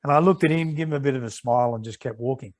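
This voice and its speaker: A man's voice: medium pitch, racing. An Australian man in his sixties, a former referee, telling stories in an interview and acting out the exchanges he recalls. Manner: animated anecdotes, acting out quoted exchanges. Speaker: retired rugby league referee, podcast guest. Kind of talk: casual storytelling interview.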